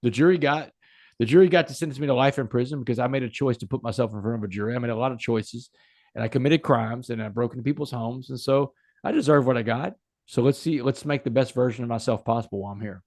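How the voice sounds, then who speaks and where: A man's voice: mid-range voice, quick pace, darkish tone, no echo, clean studio sound. A man, a podcast guest, telling a personal story in an earnest, emphatic way. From United States.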